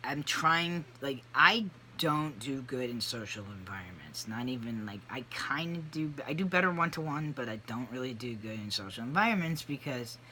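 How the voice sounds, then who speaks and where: Vlogger, 30s or older, casual confessional delivery, loose and animated, bright tone. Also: medium pitch, moderate pace, few pauses, slight background noise. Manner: rambling, candid, animated with frequent fillers. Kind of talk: casual personal vlog.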